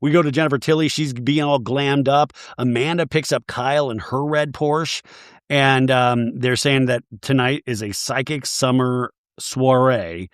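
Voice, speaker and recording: A man hosting a comedic podcast recapping reality TV, rambling and animated with jokey asides. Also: medium pitch, a little slow, clean tone, dry recording, clean studio sound. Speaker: podcast host.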